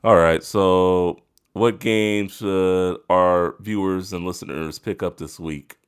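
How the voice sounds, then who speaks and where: Male podcast host, very deep voice, easygoing delivery with lots of ums. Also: steady tone, slow, clean tone. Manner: laid-back, reads release list with fillers. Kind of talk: casual chat.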